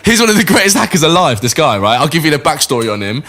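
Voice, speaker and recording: Young man, podcast guest, fairly high and bright-toned voice, animated storyteller who swears and laughs mid-sentence. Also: quick pace. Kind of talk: casual storytelling chat.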